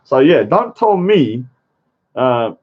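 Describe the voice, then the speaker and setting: A man's voice: medium pitch, big pitch swings, slow. A man, ranting casually on a livestream and arguing his point, often tagging lines with "yeah?". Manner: argumentative, keeps adding "yeah?" tags. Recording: dull lo-fi stream audio.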